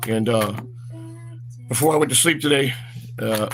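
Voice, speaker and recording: A man's voice: medium pitch, normal speed, a bit bright, soft background music. A man hosting a walk-and-talk vlog outdoors, rambling with lots of fillers and stammered repeats, recorded on a handheld phone. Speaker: vlog host.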